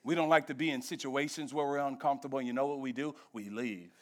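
A man pastor preaching a sermon to his church, emphatic and humorous, swinging from quiet reflection to loud exhortation while speaking straight to the congregation. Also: mid-range voice, steady tone, fast. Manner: addresses the congregation directly, storytelling with humor. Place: church service.

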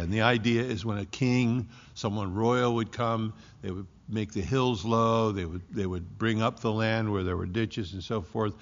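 An older man preaching a sermon, reading scripture slowly and building emphasis as he speaks. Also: mid-range voice, creaky, lo-fi sound. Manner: preaching with rising emphasis and slow drawn-out scripture quotes. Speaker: pastor.

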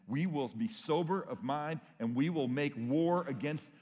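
A man's voice: medium pitch, darkish tone, long reverb tail. A man preaching a sermon, telling stories with rising emphasis. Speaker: pastor.

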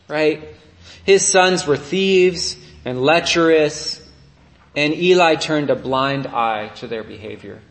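A man's voice: fairly high pitch, fairly bright tone. Man preaching a chatty sermon, echoey room. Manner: storytelling, often asks "right?". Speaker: priest. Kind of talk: conversational sermon.

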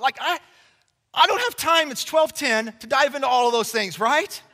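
A man preaching a sermon to a congregation, emphatic and conversational, swinging between loud declarations and hushed passages. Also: very high-pitched, fairly quick. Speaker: pastor. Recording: long reverb of a large hall.

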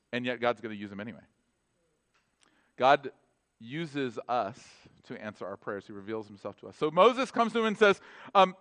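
A man preaching a sermon in a conversational, animated way, often acting out dialogue. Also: medium pitch.

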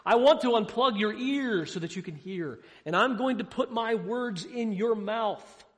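High-voiced preacher in a reverberant hall. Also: male voice, unhurried. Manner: asks rhetorical questions, swings between loud emphasis and hushed lows. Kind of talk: sermon.

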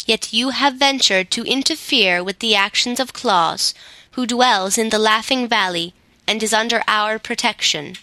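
A calm, stern immortal lord of the forests speaks with grave authority, as a woman narrator gives him voice. The pace is slow and measured, the tone bright and clear, recorded dry. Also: a little high, no echo, low-quality recording.

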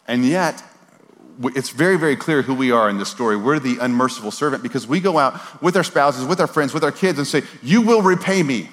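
A man preaching a casual, conversational sermon, animated and informal with slang and repeated words, at times dropping to a soft, earnest voice. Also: mid-range voice. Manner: drops to a soft, quiet voice for earnest moments. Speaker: pastor. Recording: long reverb of a large hall.

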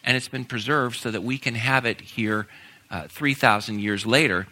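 A man preaching a conversational sermon, talking casually with fillers and growing animated at times. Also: medium pitch, moderate pace. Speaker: pastor.

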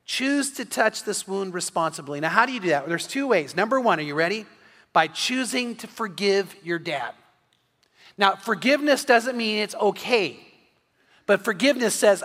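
A middle-aged male pastor delivers an earnest sermon, often stumbling over repeated words before a thought. His voice sits high and sounds bright and forward. The sound rings with the long reverb of a church hall. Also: lively intonation, moderate pace.

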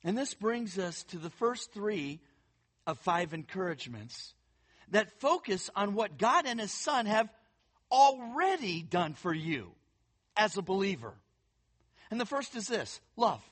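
A pastor preaching an earnest, emphatic sermon, often repeating words for emphasis and building to loud stressed phrases. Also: mid-range voice, big pitch swings, unhurried, breathy edge.

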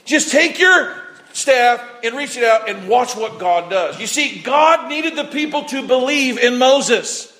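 A man preaching a sermon, telling a story with animated delivery, acting out people's words and rising to shouts at key points. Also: extremely high pitch, measured pace.

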